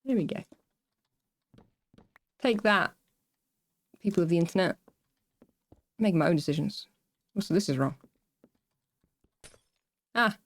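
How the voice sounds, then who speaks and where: A woman's voice: on the low side, animated, unhurried, long pauses. A woman streaming herself building in a game, chatting casually in a rambling way, breaking off mid-sentence and laughing as she talks to her viewers. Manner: rambling, self-interrupting, laughs often, talks to chat. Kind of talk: casual livestream chat while building in a game.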